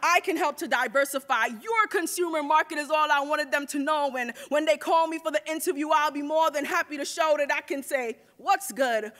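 A woman's voice: high-pitched, brisk, hardly any pauses, fairly bright tone. A woman spoken word poet performing live on a stage at a university event, with a rhythmic, rhyming delivery.

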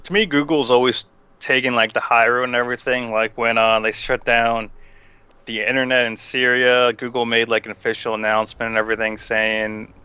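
Young man with a smooth, bright voice. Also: medium pitch, flat delivery, no echo. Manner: halting, filler-heavy explaining. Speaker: podcast co-host. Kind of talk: casual chat while gaming.

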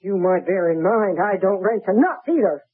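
A woman's voice: medium pitch, lively intonation, moderate pace, husky. An actress playing a blunt, suspicious middle-aged landlady in a 1970s radio drama, scolding in a working-class way. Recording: tinny old radio broadcast.

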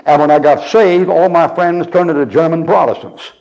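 A man's voice: fairly high pitch, normal speed, darkish tone, dull audio. A man preaching a sermon as a folksy storyteller who chuckles and acts out his dialogue.

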